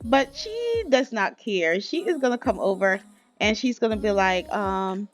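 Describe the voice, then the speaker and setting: A woman's voice: medium pitch, lively intonation, unhurried. A woman giving casual, chatty gameplay commentary as a YouTuber, often laughing and calling the viewers y'all. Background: faint background music.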